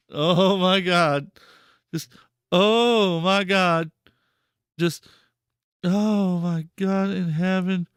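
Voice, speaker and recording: Sitting high with a fairly bright, smooth tone, this streamer and podcast host speaks casually on his live stream, stammering and repeating himself in disbelief. The recording is studio quality with no room sound.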